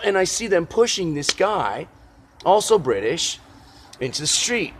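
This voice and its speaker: Male vlogger, animated and profane, with digressive comic storytelling outdoors. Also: on the high side, normal speed, slight background noise. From Encino, California. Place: outdoors on a city street.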